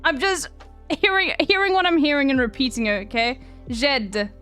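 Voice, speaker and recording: A woman streamer talks casually on a live stream, blunt and slangy and quick to swear. Her voice sits high. Faint music plays in the background. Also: expressive, pushed and bright.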